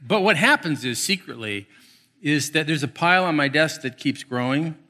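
A middle-aged male pastor preaching a sermon, telling animated stories with playful asides. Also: on the high side, moderate pace.

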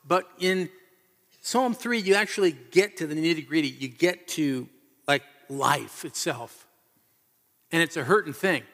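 An earnest male pastor preaching with emphatic, repetitive storytelling. His voice sits a little high for a man, and a long reverb trails it through the church hall. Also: unhurried, fairly bright tone. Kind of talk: sermon.

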